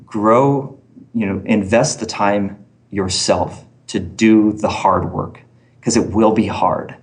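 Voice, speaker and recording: A man in his thirties, a fitness coach guest on a podcast, telling a personal story in an earnest, halting way with many restarts. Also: fairly low pitch, flat delivery. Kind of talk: storytelling in an interview.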